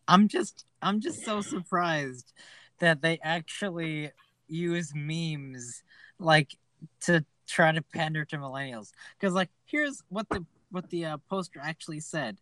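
A man co-hosting a casual podcast, animated and quick to laugh, firing off rhetorical questions. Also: on the high side, dry recording. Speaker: podcast co-host.

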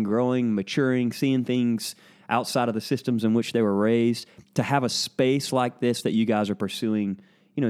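Earnest pastor guest on a podcast. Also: male voice, fairly low pitch, darkish tone. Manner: earnest, grateful, halting with fillers. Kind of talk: casual interview chat. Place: own kitchen table.

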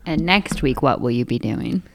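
A woman's voice: a bass voice, expressive, moderate pace. A woman co-hosting a podcast, telling stories and teasing her co-host in a wry, casual way. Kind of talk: casual chat.

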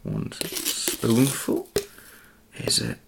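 A man in a home kitchen talking through a drink recipe in a soft, chatty, giggly whisper, with cutlery and dishes clattering. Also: drawn-out words, very noisy. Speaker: ASMR creator. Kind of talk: whispered ASMR cooking demo. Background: cutlery and dish clatter.

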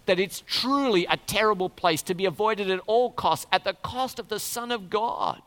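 An animated man preaches a sermon and keeps putting questions to his congregation. His voice sits high and bright, and it rings through a church hall with a long reverb. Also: moderate pace, few pauses.

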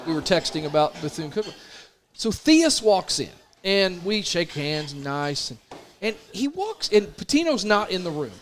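A man's voice: high-pitched, moderate pace, a little hiss or hum. A man in his thirties, a radio host telling a story in casual chat and acting out other people's lines. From Indiana. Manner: animated storyteller, acts out voices of others.

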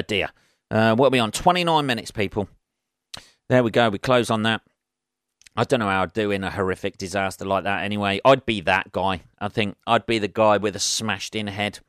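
A man's voice: fairly low pitch, a bit bright, dry recording, studio quality. A man hosting a solo podcast, rambling through sweary, self-deprecating stories. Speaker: podcast host.

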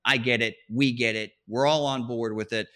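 A man hosting a fantasy football show, bright and forward in tone at an ordinary pitch. He talks in excited bursts, doubling back on his phrases and slipping laughs in as he goes. The feel is easy, casual sports chat. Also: moderate pace. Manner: animated, restarts often, laughs while talking. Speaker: fantasy football podcast host.

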